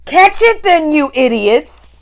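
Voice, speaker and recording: A woman voicing the Grand High Witch, a domineering evil female witch leader who screeches her commands at a high pitch. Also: very animated, extremely slow, heavily acted. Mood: furious.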